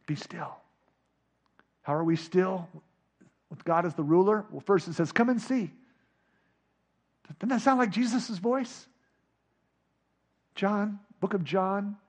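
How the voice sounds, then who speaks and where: A man preaching a sermon, dropping to a hush and then rising to near shouts as he acts out scripture. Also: high-pitched, a little slow, long pauses. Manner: dramatic, swinging from hushed to shouting. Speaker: pastor.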